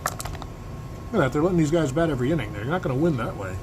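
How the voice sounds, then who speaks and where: A man's voice: on the high side, lively intonation, brisk. A man giving broadcaster-style play-by-play of a tabletop baseball game, with asides about his dice rolls. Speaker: replay host and play-by-play announcer. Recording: air-conditioning hum in the background.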